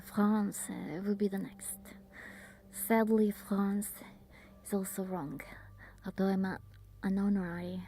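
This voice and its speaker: A woman talks to her livestream viewers in a soft ASMR whisper. Her voice is breathy and mellow, and her pace is slow. She often stops and restarts with small fillers. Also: mid-range voice. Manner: halting, with many fillers. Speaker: ASMR streamer.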